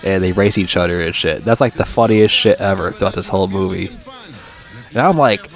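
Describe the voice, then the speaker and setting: Low-voiced guy ranting about a movie, swears nonstop, goes off on tangents, faint music in the back. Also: brisk, creaky. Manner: profane, rambling, digressive; exasperated outbursts with pitch jumps. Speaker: movie reviewer. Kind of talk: casual rambling review.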